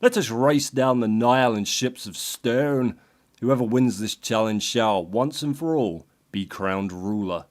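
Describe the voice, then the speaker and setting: A man's voice: medium pitch, unhurried, natural voice. A man voicing a furious, proud male god king who declaims pompously. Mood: indignant.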